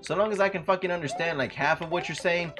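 A young man streaming a retro game, chatting casually, swearing a lot and breaking into loud outbursts, saying he is sleepy. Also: on the high side, quick pace, over music. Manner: profane, rowdy, loud outbursts and laughing.

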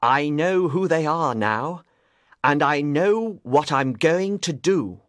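A man playing a sharp, determined detective in an audiobook, speaking clearly and deliberately. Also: mid-range voice, sing-song, dry recording, studio quality. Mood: explaining. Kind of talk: audiobook reading.

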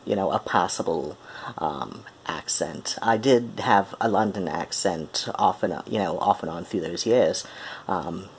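Slow, deep-voiced man with transatlantic accent. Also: a little hiss or hum. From Ohio, USA. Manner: hesitant, full of ums and pauses. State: tired. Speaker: musician. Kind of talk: casual vlog introduction.

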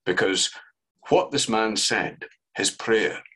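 A man preaching a sermon, earnest, swinging from fervent raised emphasis down to low, slow, solemn phrases. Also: a bit bright, slightly rough, poor audio.

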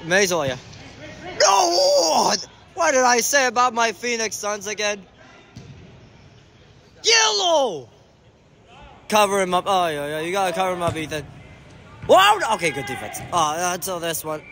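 Excitable man calling amateur soccer. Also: sits high, moderate pace, pauses often, slight background noise. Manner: shouts and groans at the play, talks to the referee. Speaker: amateur commentator. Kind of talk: excited sideline commentary. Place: indoor soccer venue.

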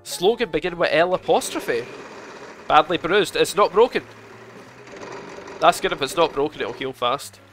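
A man's voice: fairly high pitch, animated, normal speed, pauses often, a bit bright. Young guy streaming a game, swears a lot, chats with viewers, game music going behind. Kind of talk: casual live gaming commentary.

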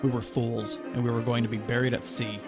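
A man podcast host narrating a first-person adventure story in a steady way, with music playing underneath. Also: mid-range voice, brisk.

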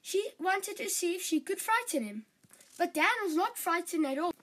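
A woman tells a children's fairytale with animated, expressive storytelling. Her voice sits very high and swoops lively through each sentence. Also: moderate pace, low-quality recording.

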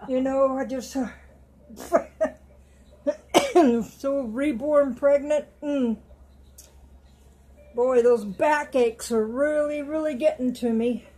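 A middle-aged woman chatting to her viewers, slow and affectionate, stumbling over some words. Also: sits high, warm tone, low-quality recording. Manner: coos in baby talk. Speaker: vlogger. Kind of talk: casual chat to camera.

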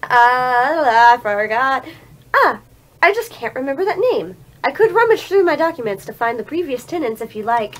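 A woman's voice: sits high, big pitch swings, normal speed. A woman voicing a chatty elderly landlady in a rambling, stammering old-lady voice while reading a horror game aloud. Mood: apologetic.

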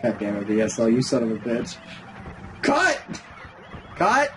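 A young man doing casual, profane gaming commentary with friends, excitable and loud at times. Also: lowish voice, quick pace, soft background music. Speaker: let's play commentator.

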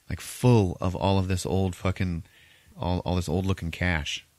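Deep-voiced profane podcast host. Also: male voice, steady tone, measured pace, a little mellow, no room sound. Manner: profane, laughing, rambling storyteller. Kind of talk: casual movie recap.

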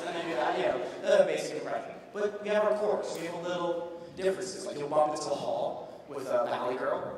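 High-voiced teen boy doing stand-up in a big echoey hall. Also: fairly quick, crowd noise. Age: teens. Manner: animated, rambling, self-mocking. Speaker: student comedian. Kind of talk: stand-up comedy routine. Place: large school auditorium stage. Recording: roomy echo from far off, audience ambience.

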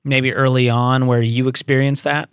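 A man hosting a business podcast, asking questions and affirming his guest in a measured way. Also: mid-range voice, level tone, clean tone. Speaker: podcast host. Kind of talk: interview questions.

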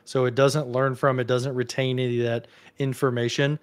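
A man's voice: mid-range voice, flat delivery, moderate pace, clean tone. A man co-hosting a casual tech discussion, thinking aloud with hedges and restarts. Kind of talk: casual explanatory chat.

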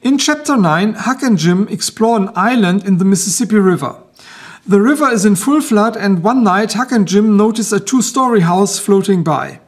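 A man with a German accent, hosting a knife review video in measured, explanatory scripted narration that turns into a literary talk. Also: high-pitched, animated.

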